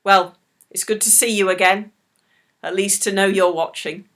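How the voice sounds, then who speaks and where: A middle-aged woman leading a children's church talk, speaking slowly and gently to small children. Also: medium pitch. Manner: slow, animated, talks warmly to small children.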